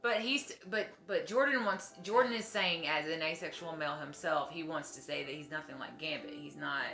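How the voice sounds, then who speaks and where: A woman's voice: deep voice, fairly quick, vocal fry, sharp tone. A woman streamer chatting casually at home, swearing freely and oversharing. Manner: profane, oversharing. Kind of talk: casual chat.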